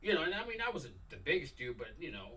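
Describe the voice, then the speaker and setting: A man's voice: fairly high pitch, sing-song, fast, bright, forceful tone, slight background noise. A middle-aged man from Los Angeles tells stories casually, acting out quotes from his youth with animation. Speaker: guest. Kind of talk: casual storytelling conversation. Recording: distant mic.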